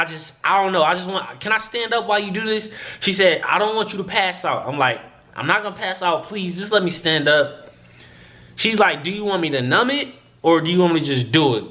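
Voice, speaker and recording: A young man vlogging a story, swinging his voice up and down as he acts out the people in it. His tone is bright and forceful, and he keeps the talk loose and profane. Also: high-pitched, animated, brisk. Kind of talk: casual storytelling to camera.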